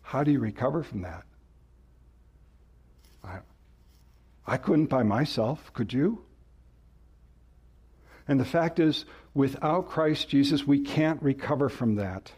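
A man's voice: medium pitch, expressive, slow pace, long pauses, darkish tone, breathy edge. A male pastor preaching a sermon, rising and falling sharply for emphasis and asking the congregation questions.

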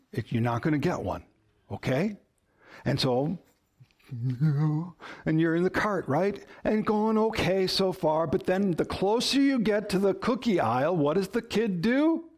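A pastor giving an animated sermon, telling stories and asking the congregation questions. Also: male voice, on the high side. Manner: animated storytelling with audience questions.

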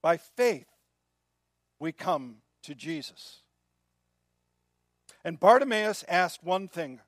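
Slow-talking guy preaching, earnest, goes soft and hushed, kinda high voice. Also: animated, no room sound, studio quality. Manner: earnest, drops to soft quiet tones when moved. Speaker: pastor. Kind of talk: sermon.

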